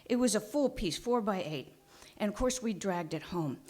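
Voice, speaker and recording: A woman telling a childhood story on a small theater stage, animated, with dramatic pauses and hushed asides. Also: mid-range voice. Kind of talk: live storytelling performance.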